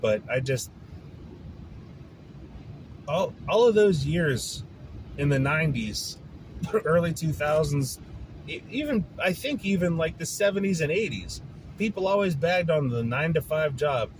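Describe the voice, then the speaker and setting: A man's voice: fairly high pitch, lively intonation, measured pace, pauses often, noisy background. A man hosting his own podcast, venting in a frustrated, profane casual rant. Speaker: podcast host. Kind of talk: casual ranting monologue.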